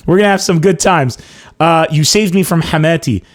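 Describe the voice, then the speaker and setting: Comedian host on a livestream, man, slightly high voice, jokey and excitable, reads out chat messages. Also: a little fast. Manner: excitable, laughs often, reads comments aloud. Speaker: comedian hosting a live-streamed podcast. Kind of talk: casual livestream chat with callers and chat.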